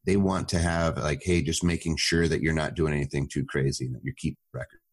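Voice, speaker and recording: A man's voice: extremely low pitch, fairly even intonation, fast, slightly rough. A man talking as a tax advisor guest on a podcast, explaining in a confident, plainspoken way. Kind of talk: podcast interview.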